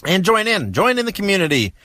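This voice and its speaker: Male podcast host, slightly high voice, friendly promo reads, dry close mic. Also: sing-song, bright, forceful tone, no room sound. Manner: friendly, promotional, rapid thank-yous. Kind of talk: upbeat podcast outro.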